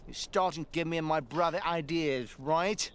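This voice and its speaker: A man's voice: fairly high pitch, moderate pace, clean tone, natural voice. An actor playing a crude, leering male thug in a video game, sneering and mocking with frequent chuckles.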